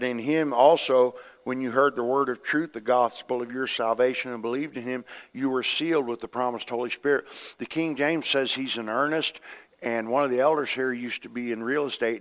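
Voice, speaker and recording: Folksy animated male preacher. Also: medium pitch. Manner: animated, swings from hushed to loud exclamations. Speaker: pastor. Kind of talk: sermon.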